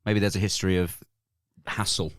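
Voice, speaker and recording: A man's voice: low-pitched, steady tone, brisk, no room sound, studio quality. Man with a slight Cockney accent. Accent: slightly Cockney, London. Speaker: podcast co-host. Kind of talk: casual chat.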